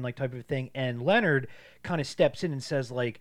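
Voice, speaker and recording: A man co-hosting a podcast, chatting casually and retelling a film with animated, acted-out quotes. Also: medium pitch, fairly quick, no room sound. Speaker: podcast co-host. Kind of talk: casual movie-recap chat.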